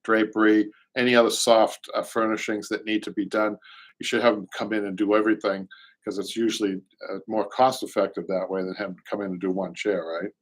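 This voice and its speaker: A man's voice: on the low side, little pitch movement, fairly quick. Rambling Boston-accented man hosting a show. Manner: rambling, repeats words, reads comments aloud. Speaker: show host, upholsterer. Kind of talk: casual live-show chat.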